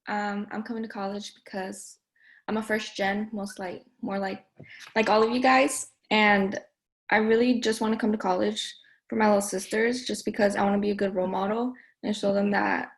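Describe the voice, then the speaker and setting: Young woman on zoom, quiet, lots of like and um. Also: mid-range voice. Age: young adult. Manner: soft-spoken, says like often. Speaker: incoming student. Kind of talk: introducing herself in class. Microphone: video call.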